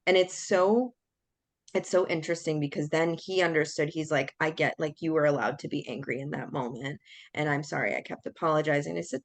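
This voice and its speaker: A woman's voice: low voice, fairly even intonation, brisk, no room sound. A young adult woman hosting a podcast, candidly telling a personal story in casual chat and acting out the quotes. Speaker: podcast host.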